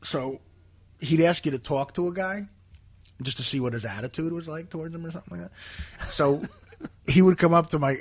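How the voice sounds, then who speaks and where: A man's voice: on the high side, a little fast, pauses often. A man, a comedian, telling stories in casual chat and doing the voices of people in them. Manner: animated, does voices of people in his stories.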